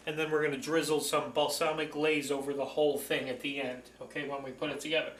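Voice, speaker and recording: A fairly high-voiced man hosts a homey cooking demo, talking viewers through each step in a chatty, folksy way and gushing over the food. He sounds like he is in a roomy, echoing kitchen, with a faint clatter of dishes behind him. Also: background noise. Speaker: cooking show host. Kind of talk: casual cooking demonstration.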